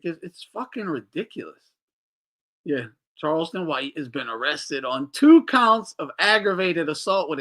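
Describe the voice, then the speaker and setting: A man hosting a boxing talk show, giving casual, profane, mocking commentary and answering his chat. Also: sits high. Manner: animated, swearing, mocking, reading chat aloud.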